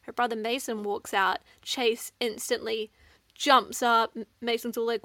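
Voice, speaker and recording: A woman co-hosting a podcast, recapping book plots in an animated way and slipping into character voices. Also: on the high side, normal speed, no echo. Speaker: podcast co-host. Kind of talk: casual podcast chat, recapping books.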